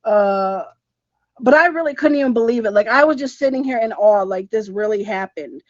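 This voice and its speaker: A woman on a podcast, telling a story in an animated, emphatic way and laughing as she goes. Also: a little high, moderate pace, dry recording. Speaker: podcast co-host. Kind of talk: casual storytelling chat. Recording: dull, slightly muffled podcast audio.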